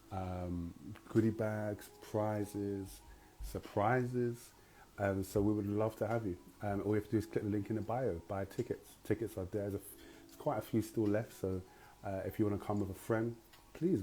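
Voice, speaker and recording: Low-voiced man hosting a live stream. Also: dark tone, a little hiss or hum. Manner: upbeat, chatty promo patter with slang. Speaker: host.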